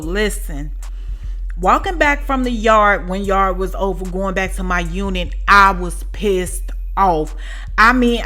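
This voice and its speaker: A woman telling a story to her viewers in a casual, profane, animated way, often asking if you know what she's saying. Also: mid-range voice. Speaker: storytime vlogger.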